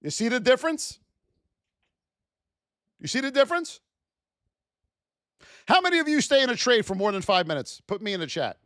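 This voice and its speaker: A man's voice: very high-pitched, animated, normal speed, long pauses, a bit bright, dry recording, studio quality. A man teaching a live trading class, speaking animatedly to his chat and acting out traders' frustrated self-talk. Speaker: trading instructor.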